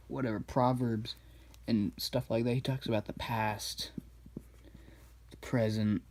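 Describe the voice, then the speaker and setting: A man casually recapping an animated film while he draws, rambling and correcting himself as he goes. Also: fairly low pitch, slow pace. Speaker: drawing video maker.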